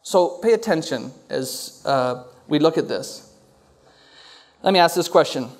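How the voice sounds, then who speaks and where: A man's voice: a little high, a little slow. A male pastor preaching a sermon to a congregation and putting questions to them. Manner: animated, asks the congregation questions. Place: church hall before a congregation.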